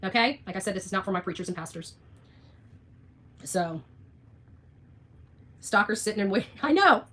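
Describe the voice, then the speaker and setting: A woman's voice: medium pitch, lively intonation, fast talker, long pauses, sharp tone. A woman vlogger ranting to her viewers in a blunt, profane, sarcastic way. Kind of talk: ranting livestream vlog.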